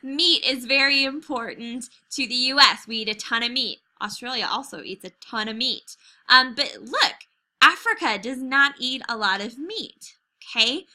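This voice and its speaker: A woman's voice: high-pitched, expressive, moderate pace, pushed and bright. An American woman teacher giving a chatty recorded video lesson over slides, checking in with "okay?" and "right?" as she goes.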